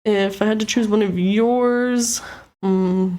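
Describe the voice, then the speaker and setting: A woman co-hosting a casual chat podcast, relaxed and a bit hesitant, laughing easily. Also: medium pitch, slow. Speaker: podcast co-host.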